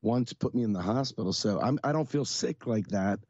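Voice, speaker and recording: A man who is hoarse from a cold, a guest on a radio show who jokes in a relaxed way. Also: on the low side, a little fast, dry recording, highs cut off. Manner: joking, relaxed. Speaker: guest, activist.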